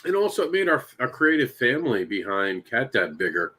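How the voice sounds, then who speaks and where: A man at an ordinary middle pitch, talking in a loose, chatty way. He hosts the show and tells long stories with lively energy. He keeps turning to his co-hosts and asking them questions. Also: brisk, slightly rough. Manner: animated storyteller, talks to co-hosts by name. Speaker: podcast host and comic creator. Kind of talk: casual chat.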